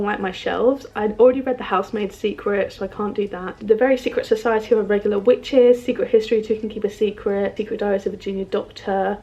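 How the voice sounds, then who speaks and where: A book vlogger from the UK in her twenties chats to camera in a mid-range, slightly mellow voice, sitting before a bookshelf at home. She's bubbly and chatty, leaning on "like" and "um" a lot. The audio is dull.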